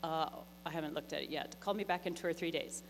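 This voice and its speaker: A woman's voice: low-pitched, fairly even intonation, fast, in a large hall, slight background noise. A woman voicing an easygoing male repairman who keeps putting her off in an offhand, breezy way.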